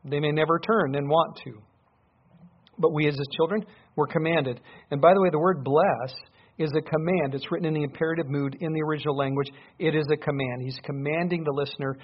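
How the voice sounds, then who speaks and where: A man preaching, his voice slightly husky and pitched a little high for a man. He speaks earnestly and climbs to emphatic, forceful peaks. The recording is muffled and lo-fi. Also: fairly quick. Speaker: pastor. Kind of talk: sermon. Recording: dull lo-fi sound.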